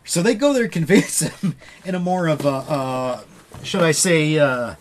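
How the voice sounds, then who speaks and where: A man's voice: fairly high pitch, animated, moderate pace, slight background noise. A man hosting a podcast, casually retelling a story with loose quoted dialogue and frequent swearing. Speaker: podcast host.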